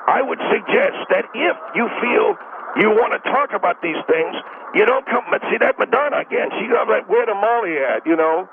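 A man's voice: high-pitched, animated, moderate pace, voice pushed up. A man voicing a meddling, preachy middle-aged male caller who lectures in a fussy, stammering way. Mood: lecturing. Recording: tinny phone line with noise.

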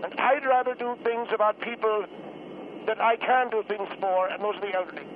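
An actor playing a fussy, indignant priest who calls in to a radio talk show, rambling and exasperated. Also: male voice, high-pitched, steady tone, fairly quick, background noise, close to an everyday voice. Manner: exasperated, rambling, repeats himself. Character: fussy old male priest caller, indignant. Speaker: priest calling in. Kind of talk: comedic radio call-in sketch. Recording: tinny phone line.

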